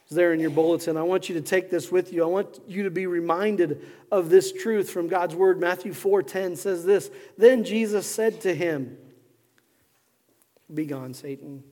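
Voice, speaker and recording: A man's voice: high voice, steady tone, moderate pace. Impassioned man preaching in a reverberant hall. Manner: impassioned preacher, swings from hushed to shouting. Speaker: pastor. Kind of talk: sermon. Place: church sanctuary.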